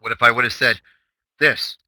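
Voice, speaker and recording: A man's voice: mid-range voice, fairly even intonation, normal speed, pushed and bright, no echo, low-quality recording. A man hosting a day-trading chatroom recap, talking brashly and emphatically with lots of rhetorical questions. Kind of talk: recorded trading session recap.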